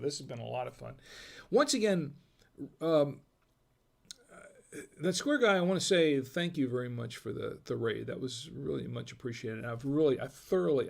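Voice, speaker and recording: The host's mid-range voice is creaky with a darkish tone. He's a man drinking wine on a casual livestream, tipsy and rambling as he reads chat messages aloud, chuckling often.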